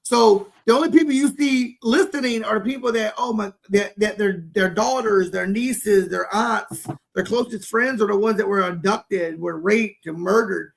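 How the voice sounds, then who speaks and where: Man in his forties, podcast co-host, high and very gravelly voice, earnest and heartfelt. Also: normal speed, few pauses. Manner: earnest, repeats words when moved. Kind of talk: heartfelt casual conversation.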